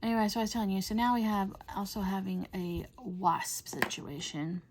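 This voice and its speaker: A middle-aged woman hosting a coloring video, chatting in a rambling way and often dropping to a soft whisper. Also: mid-range voice, steady tone, moderate pace, noisy background. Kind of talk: casual chat while coloring.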